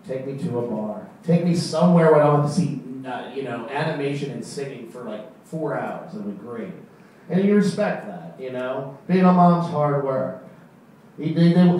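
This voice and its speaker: A man doing a stand-up comedy set on a club stage, deadpan and halting, with many fillers. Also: mid-range voice. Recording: echoey room, far from the mic, faint crowd noise.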